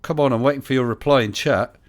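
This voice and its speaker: A man's voice: mid-range voice, fast talker. A man hosting a casual live-stream chat, laughing often and reading out messages from chat. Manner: chatty, laughs often, reads chat aloud. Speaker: host.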